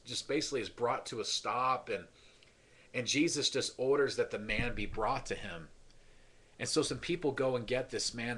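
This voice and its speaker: A man's voice: mid-range voice, fairly bright tone. A man, a pastor, retelling a story in an earnest, dramatic sermon and acting out the voices.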